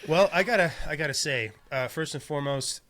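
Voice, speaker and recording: Podcast host guy, bright voice, sarcastic little asides, kicks off the topic. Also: fairly high pitch, fairly quick. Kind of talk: casual chat.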